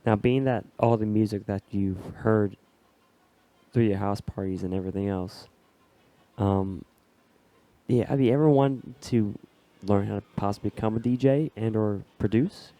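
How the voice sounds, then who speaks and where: A man hosting a podcast, raspy from a cold, talking in a laid-back, slangy way. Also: lowish voice, moderate pace, dark tone, no echo. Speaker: podcast host. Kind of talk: casual podcast chat.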